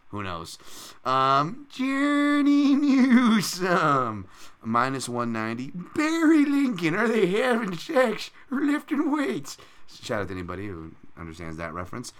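A man's voice: deep voice, sharp tone. A man hosting a fight betting podcast in casual, profane, rambling chat with self-mocking jokes.

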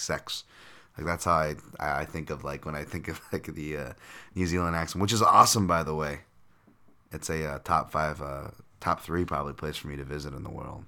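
A man's voice: extremely low pitch, sharp tone. A man hosting a casual solo podcast, breaking down fights while thinking aloud, with lots of fillers, restarts and the odd chuckle. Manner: chuckles now and then while talking. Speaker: podcast host and fight analyst.

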